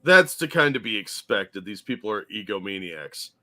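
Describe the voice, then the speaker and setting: A man's voice: lowish voice, sing-song, normal speed, bright, forceful tone. A man co-hosting a casual political talk stream, blunt and profane as he rants.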